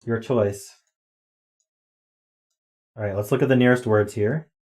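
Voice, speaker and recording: A man's voice: medium pitch, a little slow, darkish tone. A man streaming live, chatting casually as he works through word games and thinks aloud with ums and guesses. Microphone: desk microphone.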